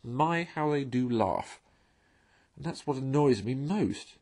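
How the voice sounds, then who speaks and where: A man voicing a hungry, grumpy, excitable male mole in a storybook reading, high and fussy. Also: slow.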